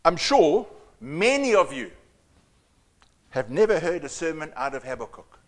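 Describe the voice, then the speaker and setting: Man, pastor, sermon, high-pitched, dramatic reading, loud and soft swings. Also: unhurried. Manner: animated, swings from shouting to hushed, reads scripture dramatically.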